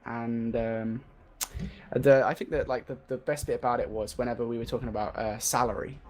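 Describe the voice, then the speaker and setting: A young English man co-casting an esports match, chatty and quick to laugh in rambling asides. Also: mid-range voice, flat delivery, a little mellow. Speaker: esports caster. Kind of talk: live match commentary.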